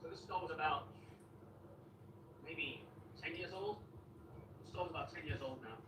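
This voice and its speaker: Man, high-pitched, casual kitchen chat, repetitive storytelling, noisy background. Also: moderate pace. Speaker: vlogger. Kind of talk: casual chat while cleaning. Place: home kitchen. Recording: echoey room, distant mic, background noise.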